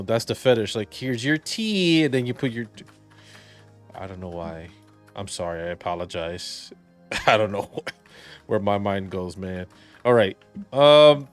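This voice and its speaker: A man giving rambling, jokey let's play commentary and reading the game's dialogue aloud. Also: lowish voice. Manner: rambling, jokey, reads game text aloud. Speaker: gaming video commentator.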